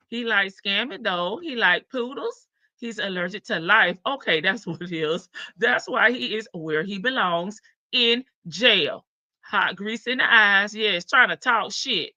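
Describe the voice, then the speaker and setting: A woman hosts a casual livestream, sassy and quick to laugh as she answers her chat. She talks slowly in a bright, slightly high voice. The sound is dry and a bit dull. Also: dry recording. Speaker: livestream host.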